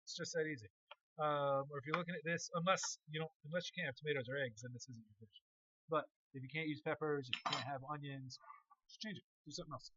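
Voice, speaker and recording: A man's voice: a little high, steady tone, fast talker, sharp tone, no room sound, lo-fi sound. A man chef chatting casually and joking with filler words while demonstrating a recipe.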